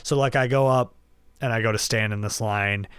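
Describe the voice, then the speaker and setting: A man tells a casual story on his solo podcast, animated and self-deprecating, with plenty of fillers. His voice sits fairly low and sounds smooth and clear. The recording is close and dry. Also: normal speed, no echo. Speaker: podcast host.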